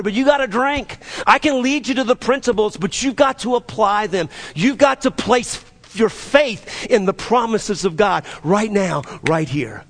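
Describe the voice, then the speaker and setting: Preaching with fervor, this male pastor rattles through scripture before slowing down to stress points and repeating lines for his congregation. His voice is high and a bit bright.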